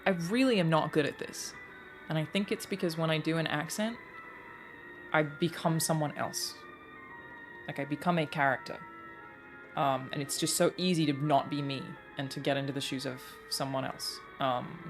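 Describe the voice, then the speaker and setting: A woman's voice: low voice, steady tone, normal speed, over music. A woman, a voice actor giving chatty, reflective commentary while streaming a game. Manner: chatty, reflective, many fillers. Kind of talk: casual gameplay commentary.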